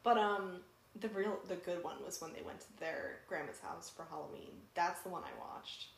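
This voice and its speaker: A woman's voice: lowish voice, moderate pace, creaky, slight background noise. A young woman co-hosting a podcast in casual, chatty talk, with frequent fillers and laughs. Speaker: podcast co-host. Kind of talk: casual chat. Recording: roomy echo.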